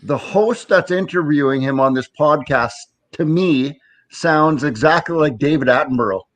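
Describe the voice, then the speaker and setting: A man co-hosting a casual live stream chat, animated and quick to laugh. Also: fairly high pitch, dry recording.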